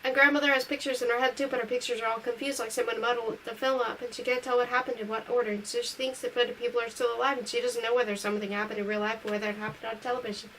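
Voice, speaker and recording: Woman, novel read aloud, steady first-person narration, quick pace, fairly high voice. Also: slight background noise, low-quality recording. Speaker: audiobook reader.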